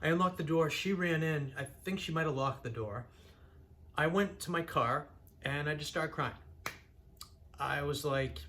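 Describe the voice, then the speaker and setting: Pausing often at a moderate pace, a young Massachusetts man with a fairly high, fairly bright voice shares his personal story on his channel. He's earnest and rambling, frequently restarting, with slight background noise in the clip.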